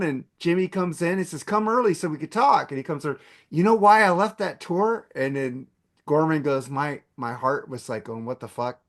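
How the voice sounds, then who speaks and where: A man hosting a podcast, telling a long story in a casual, animated way and swearing a lot. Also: high-pitched. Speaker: podcast host.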